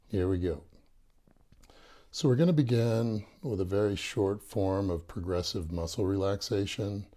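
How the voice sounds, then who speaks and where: A man guides a meditation session in a calm, soft-spoken way, slipping in gentle humor. His voice is lowish and mellow with a husky, breathy edge. He speaks very slowly and deliberately. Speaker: meditation teacher.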